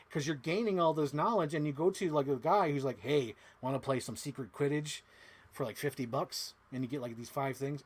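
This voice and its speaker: A man chatting casually in an unboxing vlog, rambling with lots of "like" fillers and dropping into silly voices. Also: a little high. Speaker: toy collector vlogger. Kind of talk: casual unboxing chat to a live chat.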